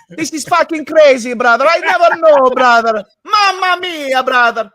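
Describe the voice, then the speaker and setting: A man's voice: very high-pitched, extremely slow, background noise, voice pushed up, heavily acted. A man putting on a mock Italian accent and broken English to play a boastful young male footballer. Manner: loud, swaggering, pleading.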